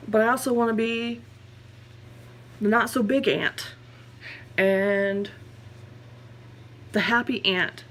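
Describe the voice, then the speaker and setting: A woman's voice: mid-range voice, fairly even intonation, slow, pauses often, a bit bright, slight background noise. A young woman talks candidly in a personal vlog. She rambles and corrects herself. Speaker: vlogger.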